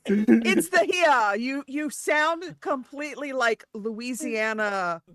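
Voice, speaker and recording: A high-voiced woman at a tabletop game talks slowly and drags her words out as she eggs the game master on. The sound is close and dry. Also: animated, a bit bright, dry recording. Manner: drawn-out, egging others on. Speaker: player. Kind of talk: casual chat at a game table.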